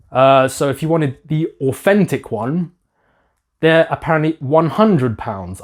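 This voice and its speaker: Guy rambling through a casual shirt review, lots of ums, mid-pitched voice. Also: darkish tone. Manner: hesitant, many ums and restarts, self-deprecating asides. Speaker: YouTuber reviewing a football shirt. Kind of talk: casual product review vlog.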